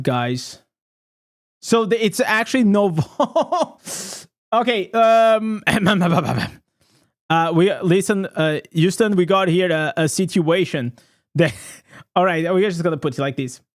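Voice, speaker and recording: A man giving casual, excitable reaction commentary as a gaming content creator, chatty and laughing often. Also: high voice, slow.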